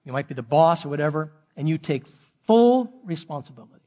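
A pastor preaching a sermon, earnest, acting out short quoted lines of a husband and wife. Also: male voice, on the high side, lively intonation, brisk, mellow, dull audio.

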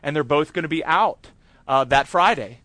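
A man's voice: on the high side, normal speed, bright, forceful tone, no echo, voice pushed down. A man voicing a persuasive female talent agent who coaxes her client toward an offer. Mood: coaxing. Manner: coaxing, selling an offer.

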